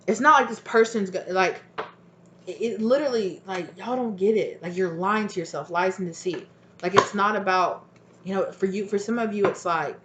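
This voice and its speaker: A woman doing a casual tarot reading in a middle-pitched voice. She talks bluntly and rambles with plenty of fillers. She swears freely and acts out quoted reactions as she goes. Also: normal speed, muffled recording, background noise. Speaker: tarot reader.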